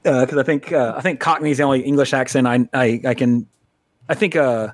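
A man's voice: medium pitch, steady tone, fairly quick, no room sound, studio quality. An American man co-hosting a podcast in a casual, rambling, profane way, laughing often. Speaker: podcast co-host.

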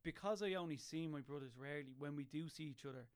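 A young Irish man in casual chat, telling emotional stories with lively energy and frequent laughter. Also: a little high, fast, smooth.

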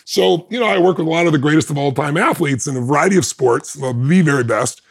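Here a man on a podcast shares a personal anecdote with energy, acting out other people's remarks and laughing between lines. His pitch is a little high, his pace quick, and there's vocal fry in his voice.

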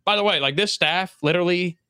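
Animated man hosting a sports podcast. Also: quick pace, clean tone, no echo, clean studio sound. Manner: animated, jumps into high voices when quoting. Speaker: podcast host. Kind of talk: casual sports chat.

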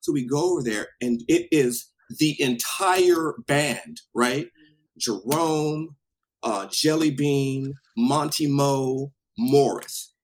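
A man casually telling a story from his past, animated and acting out what people said, with some swearing. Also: mid-range voice, slow, rough recording. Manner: animated, acts out quotes, swears.

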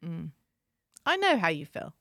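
A woman's voice: lowish voice, wildly swooping pitch, a little slow, gravelly, fairly bright tone, no room sound, clean studio sound. A woman from London co-hosting a podcast in casual, laughing chat, swearing freely. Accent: London English. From England. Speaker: podcast co-host.

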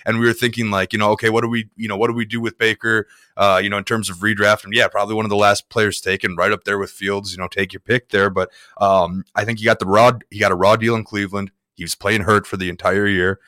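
A man's voice: fairly low pitch, level tone, fast talker, hardly any pauses, pushed and bright, dry recording, clean studio sound. A man co-hosting a sports betting podcast, talking casually and rambling with lots of fillers. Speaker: podcast co-host.

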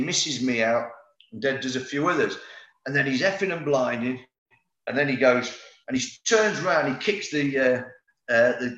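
A man's voice: mid-range voice, a bit bright. A middle-aged man, a former footballer telling rambling anecdotes in a casual interview, full of fillers and restarts. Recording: roomy, slightly dull sound.

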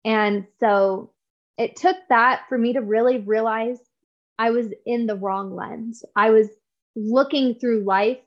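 A woman's voice: on the high side, steady tone, slow. Earnest woman guest, muffled lo-fi sound. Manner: earnest and heartfelt, with frequent restarts. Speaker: podcast guest. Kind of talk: conversational interview.

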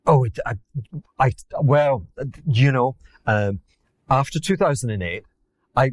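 Animated Scottish man telling stories. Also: medium pitch, a little slow, no echo, studio quality. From Glasgow, Scotland. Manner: theatrical, acts out quotes, self-mocking. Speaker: podcast guest, former hedge fund manager. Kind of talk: animated anecdotal storytelling.

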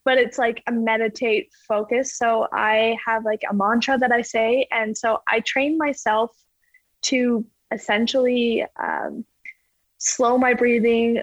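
A woman's voice: a little high, a bit bright, dry recording. A woman athlete answering interview questions in a chatty, casual way, full of fillers. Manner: chatty, full of "like" and "you know". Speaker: ski jumper guest. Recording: slightly dull lo-fi sound.

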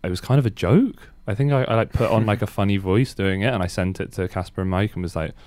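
A man's voice: fairly low pitch, fast talker, a little mellow, no room sound. A man, a band guest on a radio show. He answers casually and hesitantly, filling his sentences with "like". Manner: hesitant, filler-heavy, lots of "like". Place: radio studio.

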